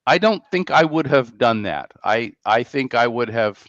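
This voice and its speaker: In a relaxed podcast conversation, the host stumbles and restarts a lot as he speaks. He has a medium-pitched, animated, fairly bright voice at a measured pace, recorded dry with a muffled mic.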